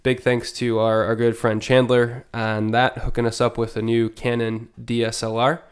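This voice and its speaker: A man co-hosting a casual podcast, sounding nasal from allergies, talking in a relaxed way with many fillers. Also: medium pitch, normal speed, clean tone. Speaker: podcast co-host. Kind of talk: casual chat.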